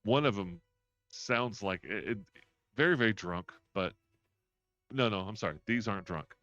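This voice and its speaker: A man's voice: fairly low pitch, animated, normal speed, a bit bright, dry recording. A man narrating a tabletop game as game master, laughing often as he describes the scene. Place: home, streamed live. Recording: dull lo-fi stream audio.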